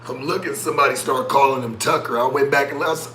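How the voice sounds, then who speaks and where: A man rants to his stream, profane and mocking, and tells the story with a lot of animation. His voice is bright and forceful. He records in an echoey room with a faint hum of ambience. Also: medium pitch, fast. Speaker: streamer and talk show host. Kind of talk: casual rant to live stream chat.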